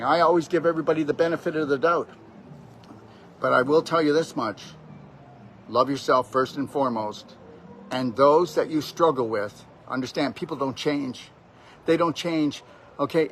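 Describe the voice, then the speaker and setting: A man's voice: on the high side, fairly bright tone, slight background noise. A man delivering a rambling, emphatic motivational monologue on natural health, preaching straight at the listener. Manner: preachy, emphatic, keeps addressing the listener directly.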